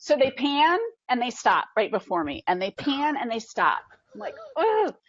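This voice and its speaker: A woman guest telling an excited story, acting out quotes with big jumps in her voice. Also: fairly high pitch, moderate pace, no room sound, highs cut off. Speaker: podcast guest. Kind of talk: animated storytelling.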